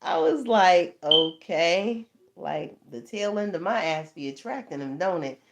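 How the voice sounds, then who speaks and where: A woman's voice: lowish voice, a little slow, slight background noise. A woman in her thirties tells a story in a loose, casual way, dropping curse words and checking in with her listeners. She breaks into laughter often and her voice swings widely up and down. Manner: animated, laughing, swearing, lots of "you know what I'm saying". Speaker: tarot channel host.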